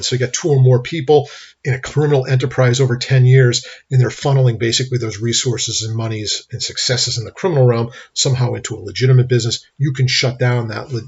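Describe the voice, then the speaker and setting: Middle-aged New man, law lecturer, rapid husky delivery, chatty asides, lo-fi webcam sound. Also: mid-range voice, a little mellow. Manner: rambling, anecdotal, conversational. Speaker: law instructor. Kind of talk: recorded lecture. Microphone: webcam mic. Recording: lo-fi webcam recording.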